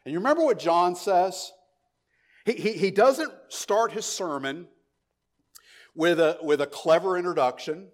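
A pastor preaching a sermon, emphatic, repeating key phrases and dropping into quiet asides. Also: male voice, high voice, expressive, a little slow, long pauses.

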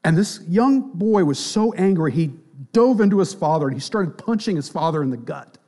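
A man preaching a sermon, swinging between quiet, near-whispered lines and loud, emphatic passages. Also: a little high, lively intonation, normal speed.

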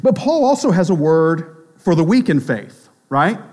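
High-voiced conversational preacher man. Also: big pitch swings, a little slow, darkish tone. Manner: conversational preaching with frequent tag questions; acts out quoted voices of both sides. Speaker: pastor. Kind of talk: sermon.

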